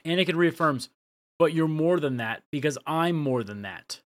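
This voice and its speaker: Slightly high-voiced man recapping on a podcast. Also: lively intonation, moderate pace. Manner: recapping scenes, casual and profane. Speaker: podcast co-host. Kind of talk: casual chat recap.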